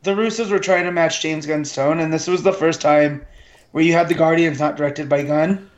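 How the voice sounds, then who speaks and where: A man co-hosting a casual film podcast, relaxed and agreeable, talking loosely with many fillers. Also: fairly high pitch, moderate pace, lo-fi sound, crowd noise. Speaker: podcast co-host. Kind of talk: casual film-discussion chat.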